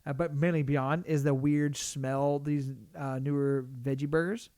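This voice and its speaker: A man's voice: on the high side, steady tone, measured pace, warm tone, a little hiss or hum. A man co-hosting a casual podcast, rambling through his thoughts with many restarts. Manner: rambling, full of restarts and fillers. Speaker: podcast co-host.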